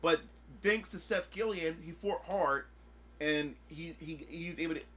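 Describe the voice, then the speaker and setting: A man streaming a casual chat, excitable and swearing freely, acting out his own past reactions. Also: fairly high pitch, unhurried. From United States.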